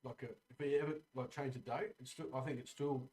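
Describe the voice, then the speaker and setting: An Australian man in a casual podcast chat, talking very fast. He jumps in eagerly with short remarks and restarts his sentences as he goes. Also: medium pitch, steady tone, dark tone, slight background noise. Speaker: podcast guest.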